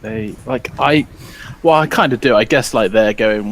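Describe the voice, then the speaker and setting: A man's voice: mid-range voice, a little slow, hardly any pauses, slight background noise. A man who is a guest on a casual tech chat show, hesitant and repeating words as he thinks.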